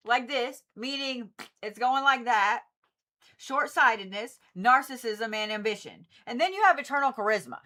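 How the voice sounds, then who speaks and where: A Reiki practitioner and tarot reader does casual zodiac card readings on a livestream, speaking straight to her viewers. Her voice sits on the high side, pushed and bright, at a moderate pace. She's chatty and blunt and swears freely.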